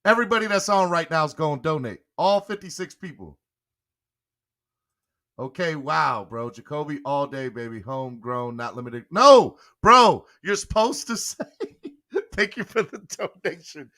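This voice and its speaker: Young male podcast host, playful and coaxing, crisp bright tone, slightly high voice. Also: animated, moderate pace. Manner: playful, coaxing, laughing often. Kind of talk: casual live-stream chat.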